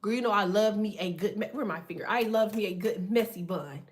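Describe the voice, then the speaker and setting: This middle-aged card reader addresses her viewers in a fairly quick, medium-pitched voice. Her storytelling is animated and slangy, and she laughs throughout.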